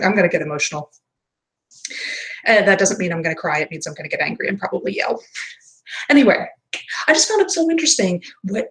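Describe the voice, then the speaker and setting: A woman's voice: medium pitch, poor audio. A woman streaming live, talking casually but growing impassioned and argumentative, with emphatic outbursts. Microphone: home streaming mic.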